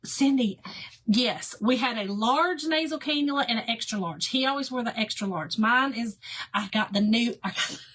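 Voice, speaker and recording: Chatty woman vlogger, slightly high voice. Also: normal speed, a little hiss or hum. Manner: chatty and animated, laughs often, calls viewers "y'all" and "girl". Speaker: livestream host doing a craft project. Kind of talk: casual chat with live viewers while crafting.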